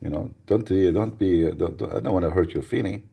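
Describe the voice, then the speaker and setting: A man hosting a live radio show, chatting casually with mocking, rambling, deadpan asides. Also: low voice, a little fast, creaky, slightly rough. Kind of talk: casual joking livestream chat.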